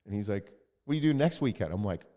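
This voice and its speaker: A man's voice: fairly low pitch, lively intonation, fast talker, dark tone, in a large hall. A man hosting a podcast, telling a story in casual chat and quoting others, with lots of swearing. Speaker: podcast host.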